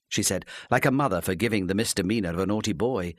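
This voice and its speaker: A man narrating an audiobook in a measured, expressive storytelling manner on a close studio mic. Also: lowish voice, no echo.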